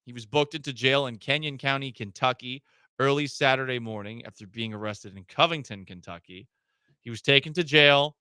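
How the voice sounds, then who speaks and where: A man's voice: mid-range voice, pushed and bright, clear, resonant tone, no room sound. A man hosting a sports talk radio show in a studio, talking casually with a wry, sarcastic edge.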